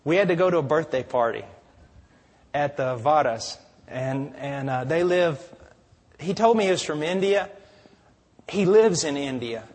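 Husky-voiced preacher in a reverberant church. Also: male voice, on the high side, lively intonation, measured pace, long pauses, a little mellow. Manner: conversational, folksy preaching. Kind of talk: sermon.

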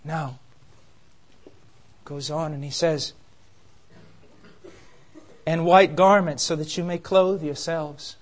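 A man delivers a sermon in a fairly high voice. He preaches with fervor, swelling into loud, urgent peaks and sinking into hushed, intense warnings. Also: fairly even intonation, slow, pauses often. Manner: impassioned, swings from loud urgency to quiet intensity.

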